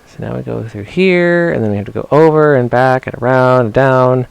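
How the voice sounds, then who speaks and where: A man's voice: medium pitch, normal speed, creaky, clear, resonant tone, no room sound. Chatty man streaming a retro game. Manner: chatty, self-mocking, talks to the game characters. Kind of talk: casual let's-play commentary.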